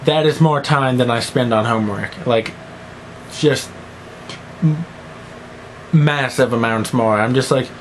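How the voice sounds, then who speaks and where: A teenage boy vlogs in one unbroken take, rambling and goofy, with sudden silly voices and mumbled asides. His voice sits at an ordinary mid pitch, and a faint hiss of room ambience runs behind him. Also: unhurried, long pauses, low-quality recording. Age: teens. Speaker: vlogger.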